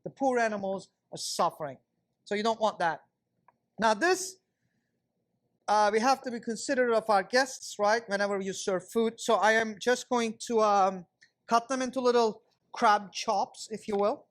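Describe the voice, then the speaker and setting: A chatty male chef with a fairly high voice talks through a cooking demonstration in a kitchen. He explains each step casually to the viewers as he goes. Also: normal speed, a bit bright. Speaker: chef instructor.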